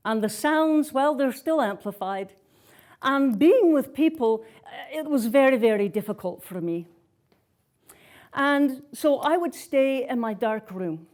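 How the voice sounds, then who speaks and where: Soft-spoken woman with a Scottish accent. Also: on the high side. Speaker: worship minister. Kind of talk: gentle sermon storytelling.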